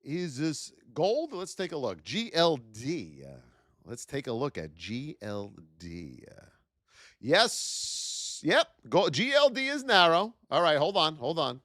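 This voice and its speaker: A man's voice: on the high side, sing-song, slow pace, fairly bright tone, no room sound, studio quality. A man in his thirties hosting a live trading stream, hyped up, calling out viewers' names and calling them his beauties. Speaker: trading educator and livestream host.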